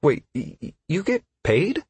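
A man reading an audiobook voices a put-upon young male fighter who complains and stammers, in a husky voice. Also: on the high side, a little slow, a little mellow, dry recording, pitched above the performer's own voice. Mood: complaining.

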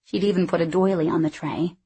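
An audiobook narrator reads a first-person novel aloud in a measured, expressive manner. Her voice is on the low side and slightly rough.

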